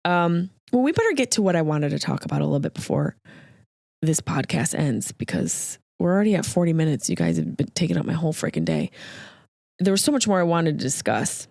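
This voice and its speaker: A woman hosting a podcast, telling a comic story in an animated, jokey way and acting out the voices of the people in it. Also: deep voice, fairly quick, gravelly, dry recording, studio quality. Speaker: podcast host. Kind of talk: comedic storytelling monologue.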